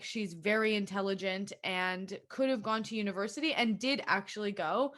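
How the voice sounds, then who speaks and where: A woman's voice: mid-range voice, fairly bright tone. Chatty Australian woman hosting a podcast. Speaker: podcast host. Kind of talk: casual podcast intro.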